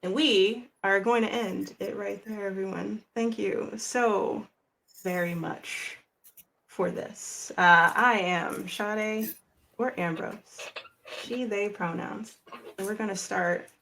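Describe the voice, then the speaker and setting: A woman's voice: medium pitch, fairly even intonation, takes it slowly, vocal fry, fairly bright tone. A woman narrating a tabletop game as game master, casual and chatty.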